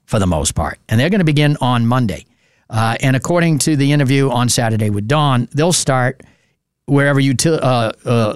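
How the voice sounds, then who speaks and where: Male local radio host, casual and rambling, lots of fillers, dry studio mic, mid pitch. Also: no echo. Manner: chatty and rambling, many "uh" fillers.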